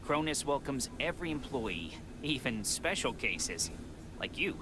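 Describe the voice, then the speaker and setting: A man's voice: medium pitch, very animated, a little slow, noisy background. A man voicing a nervous, fumbling but polite plump administrator in a game.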